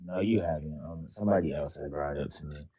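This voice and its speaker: A man's voice: extremely low pitch, fast talker, dark tone, slightly rough. A nineteen-year-old man calling in, answering hesitantly with many fillers. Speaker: caller. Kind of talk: casual call-in chat. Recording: dull lo-fi line with faint music.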